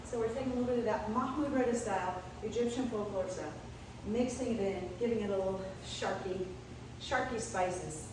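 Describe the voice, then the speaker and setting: A woman's voice: mid-range voice, fairly quick, distant mic, noisy background. A woman dance instructor counting and cueing steps in rhythm as she leads a class. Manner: rhythmic, calling out steps in time. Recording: echoey room, mic from afar.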